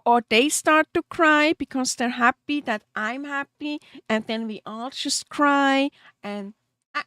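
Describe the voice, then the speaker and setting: High-voiced, giggly woman streamer. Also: fairly bright tone, no room sound. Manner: giggly and openly emotional, laughing often between sentences; self-deprecating rambling with small restarts. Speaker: VTuber streamer. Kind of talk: casual chat with stream viewers.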